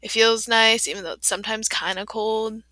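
A woman's voice: a little high, fairly even intonation, moderate pace, pushed and bright, no echo. A teenage girl co-hosting a podcast, talking casually and chattily with lots of "like" and frequent laughter. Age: teens. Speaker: podcast co-host. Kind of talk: casual chat.

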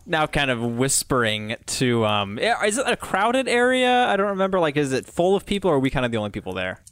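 A man chatting casually as a player in a tabletop game, animated and chatty. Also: on the high side, a little fast, clear, resonant tone, dry recording, studio quality.

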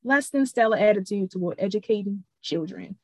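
A woman's voice: mid-range voice, expressive, a little fast, a little mellow. A woman co-hosting a casual chat, agreeable and often laughing. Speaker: co-host.

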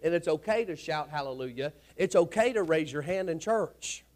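A man preaching a sermon to his congregation in a church, with a folksy, rousing manner that often rises to shouting. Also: on the high side, moderate pace. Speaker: pastor. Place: church sanctuary.

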